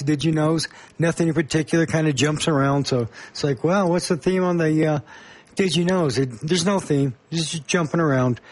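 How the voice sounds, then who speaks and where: Middle-aged male radio host from Colorado, somewhat high voice, rambling casual patter between songs. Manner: rambling, chatty, many fillers and asides to listeners. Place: small community radio studio.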